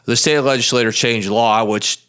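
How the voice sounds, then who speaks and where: A man's voice: medium pitch, fairly even intonation, normal speed, fairly bright tone, clear, resonant tone. A man, a lawyer hosting his own show, telling a story in a blunt, folksy, emphatic way in a monologue podcast. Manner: plain-spoken and blunt.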